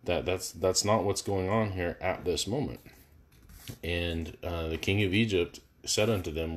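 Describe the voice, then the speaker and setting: A man's voice: sits low, measured pace. A man leading a live verse-by-verse Bible study, talking casually with many fillers and restarts. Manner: casual, thinking aloud with frequent fillers and restarts.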